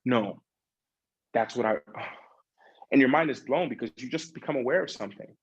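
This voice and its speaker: A man's voice: medium pitch, animated, moderate pace, highs cut off, slight background noise. A man leading a group coaching session over a video call, talking in a loose, chatty way with many fillers and acting out the questions people ask themselves. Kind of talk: casual motivational coaching talk.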